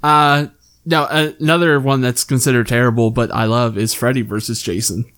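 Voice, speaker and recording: A woman's voice: rumbling low, fairly even intonation, normal speed. A woman hosting a podcast in casual chat, laughing often and swearing casually. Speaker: podcast host.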